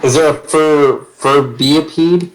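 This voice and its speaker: A man's voice: on the high side, takes it slowly, poor audio. A man playing in a tabletop game, casually talking through his plans. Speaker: player. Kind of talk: casual tabletop play online.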